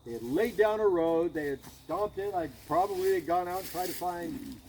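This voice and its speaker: High-voiced man guiding an outdoor tour. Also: expressive, moderate pace, darkish tone, slight background noise, poor audio. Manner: casual, chuckling storyteller, many restarts. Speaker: battlefield tour guide. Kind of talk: outdoor guided tour talk. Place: outdoors at a historic battlefield.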